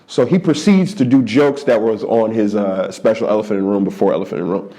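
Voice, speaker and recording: A man from the Philadelphia area, around forty, a stand-up comedian telling a story in an interview in a lit studio. He repeats words for emphasis and keeps the telling lively and animated. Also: fast. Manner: animated, repeats for emphasis, jumps into high-pitched voices for quoted people. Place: studio under hot lights.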